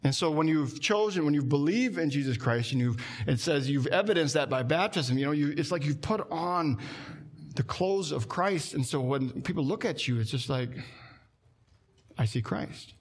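A man preaching a sermon in a conversational way, slowing down and dropping his voice for emphasis. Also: lively intonation. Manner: conversational preaching, slows down and drops low for emphasis. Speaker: pastor.

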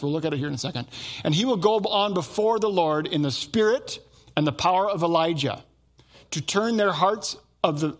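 A middle-aged male pastor preaching a sermon with animated storytelling, acting out the voices of people in his stories. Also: on the high side.

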